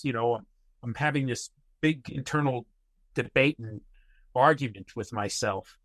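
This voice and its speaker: A man's voice: mid-range voice, normal speed, a bit bright, no echo. A man guest on a podcast, telling personal stories in a rambling way with many fillers and restarts. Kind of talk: casual interview storytelling.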